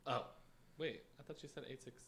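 A man co-hosting a comedy podcast, cutting in with quick, sarcastic remarks. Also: mid-range voice, fairly even intonation, fairly bright tone, husky. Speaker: podcast co-host. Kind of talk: casual banter.

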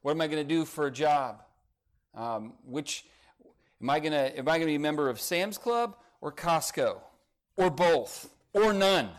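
An older man preaches a sermon in a somewhat high voice. He is earnest and presses his listeners with direct questions. Now and then he lightens it with a folksy joke. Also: lively intonation, moderate pace. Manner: earnest, rises to urgent emphasis, asks the congregation direct questions; folksy asides and light humor.

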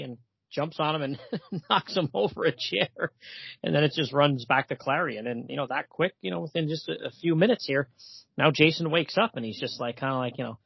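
Podcast co-host, male, husky, reads comic lines aloud, dull lo-fi recording. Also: fairly high pitch, fairly quick, no room sound. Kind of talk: casual comic book discussion.

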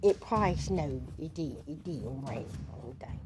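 A woman's voice: sits low, moderate pace, few pauses, warm tone. A woman hosting a podcast in loose, slangy casual chat, swearing freely, with music playing behind her. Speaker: podcast host.

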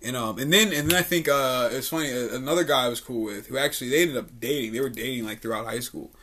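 A man's voice: mid-range voice, fast, sharp tone, slightly rough. A young man from Richmond, Virginia, hosting a podcast and telling stories in a laid-back, swearing way, full of likes and uhs. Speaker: podcast host, comedian. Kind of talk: casual storytelling chat. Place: studio.

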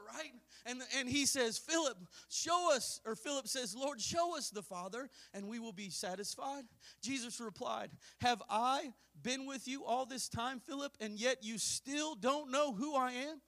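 A man preaching a fiery Pentecostal sermon as pastor, swinging from hushed asides to drawn-out shouts. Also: very high-pitched, expressive.

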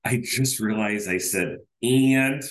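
A man with a lowish voice hosts a casual solo podcast. He rambles along in a chatty way, full of fillers and restarts. He is recorded in a room with a noticeable echo. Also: slow pace. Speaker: podcast host. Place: home setup in Iowa.

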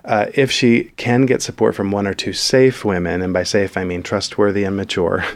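A man giving earnest, measured advice on a podcast, with frequent pauses and fillers. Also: lowish voice, steady tone. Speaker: counselor guest. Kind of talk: advice in casual conversation.

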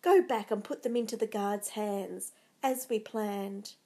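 A woman voicing an ambitious, commanding noblewoman who speaks firmly and deliberately. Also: medium pitch, mellow, breathy edge.

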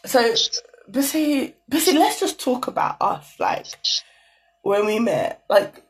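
Excitable chatty woman podcast host. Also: fairly high pitch, takes it slowly. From Nigeria. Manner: excitable, chatty, storytelling with laughs. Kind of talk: casual chat. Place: small home office in a flat hallway.

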